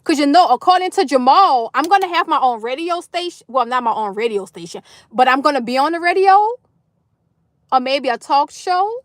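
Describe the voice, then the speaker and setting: A woman with a high, expressive voice hosts a casual livestream at a moderate pace, tearing up with joy as she emotionally thanks her viewers by name. The audio is studio quality, with no room sound.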